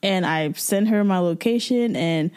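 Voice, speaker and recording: A woman's voice: on the low side, unhurried, a little mellow, clean tone. A woman co-hosting a casual podcast who tells stories in a chatty way with lots of fillers. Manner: storytelling, chatty, many fillers. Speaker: podcast co-host.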